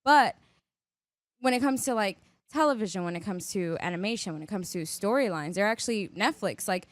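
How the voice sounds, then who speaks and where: A woman's voice: medium pitch, lively intonation, fairly quick. Playful questioning woman podcast co-host. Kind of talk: casual chat.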